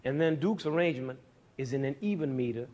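A man's voice: mid-range voice, fairly quick, noisy background. A middle-aged man presenting a music lesson for young people, asking questions and answering them himself, with counting and sound demonstrations. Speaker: music educator hosting a TV series.

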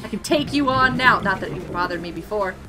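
A young woman streaming gameplay, excitable and giggly as she exclaims over what she finds. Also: mid-range voice, fairly quick. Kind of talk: live gameplay commentary. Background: game music.

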